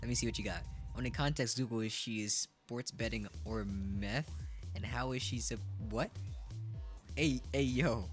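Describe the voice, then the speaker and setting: A man's voice: mid-range voice, moderate pace, soft background music. A male streamer chatting casually and reacting with jokes and frequent laughs. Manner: laughing, joking, animated.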